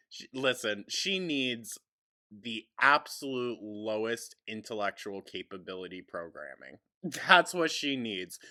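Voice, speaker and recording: Man, reaction commentary, snarky, sarcastic, animated pitch, bright tone. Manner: sarcastic, snarky, laughs often. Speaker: commentary host.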